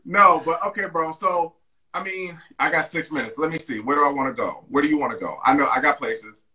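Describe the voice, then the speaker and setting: A man's voice: a little high, brisk, bright, forceful tone, slight background noise. A man hosting a live-streamed conversation, hyped and encouraging like a preacher. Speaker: host.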